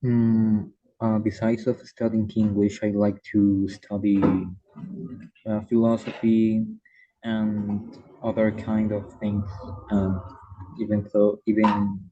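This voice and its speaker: A man answers in class over dull, lo-fi call audio. His voice is low and very dark, and almost completely flat. He speaks very slowly, stopping on fillers between words. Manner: slow, halting, with fillers. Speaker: student.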